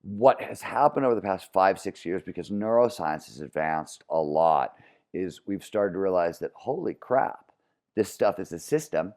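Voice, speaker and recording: A middle-aged man with a flat Midwestern American accent, an author speaking as a podcast guest and explaining ideas with energy and repeated phrases. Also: low voice, moderate pace. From Cleveland, Ohio, US. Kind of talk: podcast interview.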